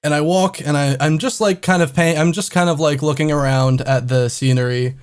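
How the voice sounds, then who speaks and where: A man's voice: a little high, fairly even intonation, a little fast, smooth. A man co-hosting a comedy podcast, telling a travel story in a rambling, profane, exasperated way. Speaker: podcast co-host.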